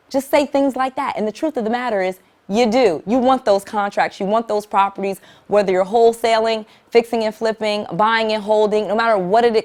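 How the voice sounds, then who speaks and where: A woman coaching viewers on real estate investing in an upbeat, emphatic teaching vlog, speaking plainly and checking in often with "okay?". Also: mid-range voice. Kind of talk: direct-to-camera teaching vlog.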